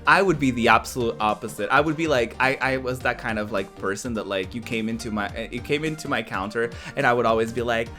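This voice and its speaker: A man casually chatting on a livestream, rambling with lots of filler words and animated storytelling. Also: mid-range voice, fairly quick, few pauses, faint music behind. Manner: animated storytelling, laughs often. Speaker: streamer.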